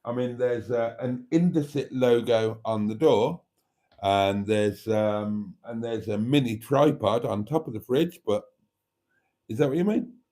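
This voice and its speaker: A man's voice: mid-range voice, a little slow, mellow. A man hosting a casual livestream, reading out viewer comments and laughing heartily. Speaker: livestream host.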